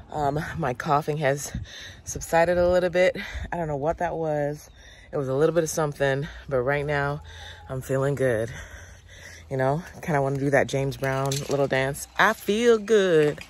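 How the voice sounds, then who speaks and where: A woman's voice: deep voice, steady tone, moderate pace, slight background noise. A woman, chatting casually in a gardening vlog and a little out of breath. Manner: chatty, lots of fillers and "y'all". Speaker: gardening vlogger.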